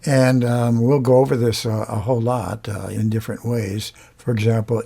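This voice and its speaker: A man teaching a lesson on vowels, explaining slowly and demonstrating each sound aloud. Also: medium pitch, little pitch movement, creaky, warm tone, husky. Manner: unhurried, pausing often, demonstrating sounds. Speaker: singing teacher.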